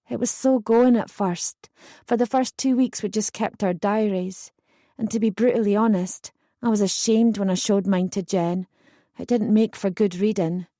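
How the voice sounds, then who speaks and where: A woman reading a first-person true story as an audiobook narrator, in steady, earnest scripted narration. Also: medium pitch, moderate pace, dry recording, studio quality.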